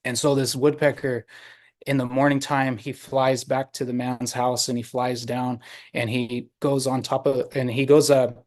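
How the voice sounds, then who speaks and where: A man telling a traditional story to an online audience, unhurried, with many pauses and fillers. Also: mid-range voice, level tone, darkish tone. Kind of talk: oral storytelling. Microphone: video call.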